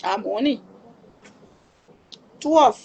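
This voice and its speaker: Recounting a family tragedy with emotion, a middle-aged Liberian English-accented woman speaks very slowly, voicing the quoted dialogue with exclamations. Her animated voice is highish but gravelly, darkish and breathy-edged, and the recording sounds muffled.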